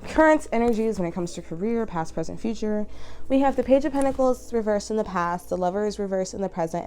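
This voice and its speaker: A young woman giving a tarot reading, emotional and animated, slowing down to stress her points. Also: medium pitch. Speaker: tarot reader.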